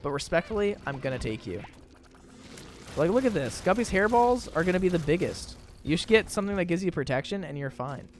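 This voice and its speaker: Young male gameplay commentator, chatty and animated, pitch a touch high and bouncing all over, faint music under him. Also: fairly quick. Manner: chatty, rambling, animated, exaggerated indignation. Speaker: gaming video creator.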